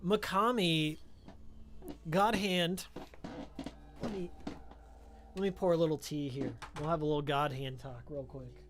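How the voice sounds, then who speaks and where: A man's voice: fairly high pitch, fairly even intonation, unhurried, pauses often. A man streaming a game, chatting casually and rambling into tangents about old games, on a studio microphone with a pop filter. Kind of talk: casual live-stream chat while playing.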